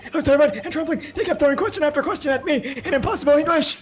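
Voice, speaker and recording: A man's voice: very high-pitched, racing. A man reading game dialogue aloud as a panicky young foreign student accused of murder, pleading and frantic. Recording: noisy home mic.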